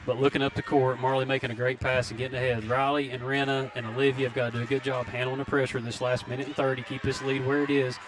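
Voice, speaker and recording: A man giving color commentary at a high school basketball game, adding coaching-style remarks and urging the players on. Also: little pitch movement, fast talker, hardly any pauses. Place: high school gym, courtside broadcast. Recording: noisy courtside gym recording.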